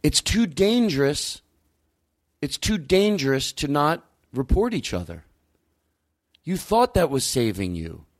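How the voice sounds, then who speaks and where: A man hosting a podcast, ranting, swearing and jumping his pitch for emphasis. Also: big pitch swings, measured pace, pauses often. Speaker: podcast host. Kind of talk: heated podcast rant.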